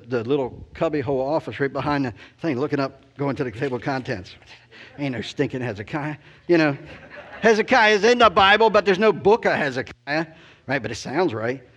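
A middle-aged man preaches a storytelling sermon about himself, rambling and poking fun at his own expense while tossing in plenty of "you know"s. His voice sits at a medium pitch, a bit bright, and he talks fast.

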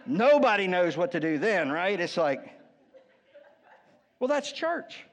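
A man's voice: high-pitched, big pitch swings, slow. A man preaching a sermon as pastor, conversational and wry, often checking in with the congregation.

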